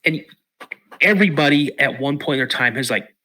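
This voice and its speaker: A man's voice: on the high side, a little fast. A middle-aged man, a podcast guest, telling a story casually with lots of repeats and restarts. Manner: animated, repeats words and restarts.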